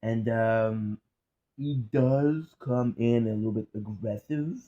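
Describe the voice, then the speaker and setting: A man's voice: medium pitch, takes it slowly, highs cut off. A man hosting a reaction video, giving casual, candid, profane commentary with lots of restarts and fillers.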